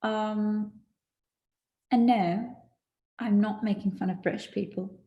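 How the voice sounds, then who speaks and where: A woman's voice: medium pitch, fairly even intonation, slow pace, mellow, reverberant, dull audio. A woman hosting a casual livestream, chatty and laughing often with lots of fillers. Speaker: livestream host. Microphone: video call.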